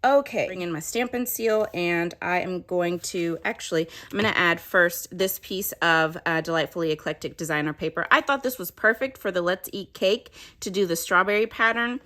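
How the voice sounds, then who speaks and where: A woman with a lilt talks through a card-making tutorial in an easy, chatty way. Her voice sits a bit low for a woman. She narrates each step as she works. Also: moderate pace, hardly any pauses, pushed and bright. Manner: chatty, explaining step by step while working. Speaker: craft demonstrator. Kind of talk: casual craft tutorial.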